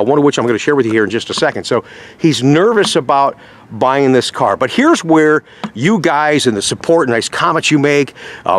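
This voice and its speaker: A middle-aged man hosting a car sales vlog, chatting casually to viewers and acting out customers' lines as he tells stories. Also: medium pitch. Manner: chatty storyteller, acts out callers' voices. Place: outdoors at a dealership lot.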